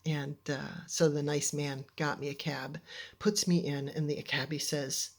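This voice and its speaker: A husky, slightly low-pitched woman tells a personal story to a listening audience. She is animated and dramatic, swinging between lively bursts and hushed near-whispers. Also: unhurried.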